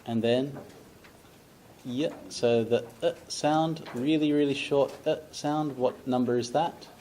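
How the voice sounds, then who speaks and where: A man's voice: mid-range voice, fairly even intonation, slow, background noise. A man teaching an English pronunciation lesson, patiently breaking phrases into single sounds and quizzing the viewer.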